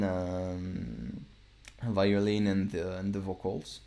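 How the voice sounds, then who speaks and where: Male producer, deep voice, casual stream walkthrough, relaxed and rambling with fillers. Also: a little slow, faint music behind.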